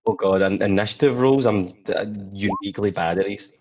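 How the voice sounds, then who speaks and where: A man's voice: fairly low pitch, a little fast, a little mellow, distant mic, lo-fi sound, a little hiss or hum. A man playing in a tabletop game, chatting casually and joking around. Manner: joking, swears. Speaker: player. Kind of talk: casual chat.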